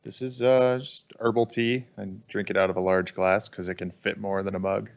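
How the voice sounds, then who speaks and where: A man co-hosts a gaming podcast, chatting casually with dry, wry humor and a tendency to launch into rants. His voice sits on the low side, creaky and fairly flat in pitch, and the recording sounds muffled.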